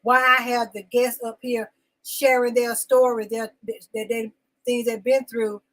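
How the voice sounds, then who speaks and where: A woman with a voice on the high side and little pitch movement speaks at a measured pace, a bit bright, in a low-quality recording. It's a live-stream venting monologue: hosting a live talk show segment, she gets emotional and insistent, repeating phrases and welcoming viewers by name.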